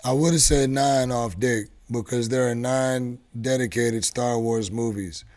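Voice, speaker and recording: A man hosting a casual live show, rambling along with lots of halting restarts. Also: mid-range voice, darkish tone. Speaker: show host. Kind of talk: casual live-stream chat.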